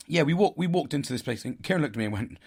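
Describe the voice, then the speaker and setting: Man, casual storytelling, lively pitch, swears often, self-mocking laughs. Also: vocal fry, husky. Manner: animated, swears a lot, laughs at himself. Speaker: podcast host.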